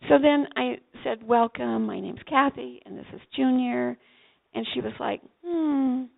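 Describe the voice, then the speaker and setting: Telling her testimony with gusto at a moderate pace, this older Vermont woman, a pastor's wife, performs each exchange of dialogue with leaps in pitch. Her voice sits fairly high with a thick gravelly fry, heard through thin, tinny, phone-like sound.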